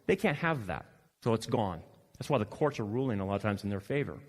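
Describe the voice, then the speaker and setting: A male pastor preaching a sermon, animated and swinging between loud emphasis and quiet asides. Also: on the low side, fast, in a large hall. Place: church hall.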